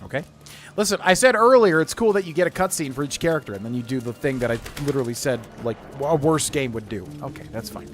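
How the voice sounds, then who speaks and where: A man's voice: mid-range voice, expressive, fast, slight background noise. A man streaming a role-playing game, chatting casually and reading in-game text aloud. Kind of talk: casual gameplay commentary.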